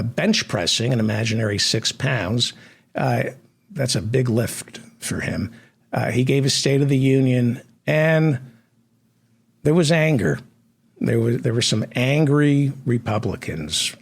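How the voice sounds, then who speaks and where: A man hosting a satirical comedy news show, delivering sardonic, deadpan asides. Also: mid-range voice, vocal fry, breathy edge.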